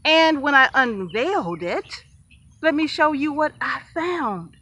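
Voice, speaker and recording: A woman giving a chatty, excited tour of her outdoor vegetable garden, talking straight to her viewers and laughing easily. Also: sits high, slow. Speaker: homesteader showing her garden. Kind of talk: casual garden tour vlog.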